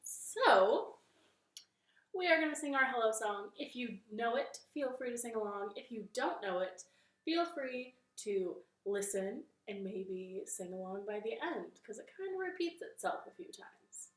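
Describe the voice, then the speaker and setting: Woman, children's storytime, encouraging, sing-song, high voice, roomy living room sound. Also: lively intonation, unhurried.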